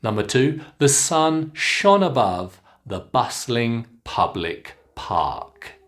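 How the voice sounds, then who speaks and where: A man with a British English accent teaching pronunciation, saying single words slowly and clearly for learners to repeat. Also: medium pitch, very animated, fairly bright tone. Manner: slow, clearly enunciated drilling of single words. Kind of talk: follow-along pronunciation lesson.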